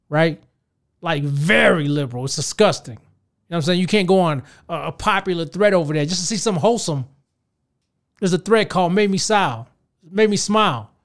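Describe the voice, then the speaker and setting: A man in his thirties with a notably high voice, ranting on his podcast. He talks loosely and profanely, with animated swings, and keeps addressing his listeners directly. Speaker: podcast host. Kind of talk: casual ranting commentary.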